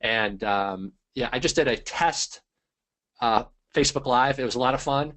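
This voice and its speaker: Man, webinar host, energetic, hyped-up, lots of ums, mid-pitched voice. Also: moderate pace. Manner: energetic, hyped-up, many fillers. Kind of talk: live webinar presentation.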